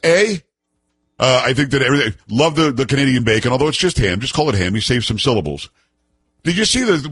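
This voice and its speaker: A man hosting a talk show in casual, joking banter, animated and teasing. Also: mid-range voice, husky, dry recording.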